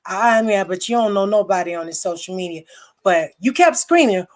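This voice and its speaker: A woman with a mid-range voice hosts a livestream, speaking at normal speed in an animated way. Her talk is a heated rant, angry and blunt, with profanity and repeated lines.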